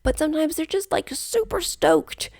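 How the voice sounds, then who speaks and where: A woman's voice: high voice, animated, moderate pace, a little mellow, no room sound, clean studio sound. An American woman co-hosting a podcast in casual chat, thoughtful and self-correcting. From United States. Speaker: podcast co-host.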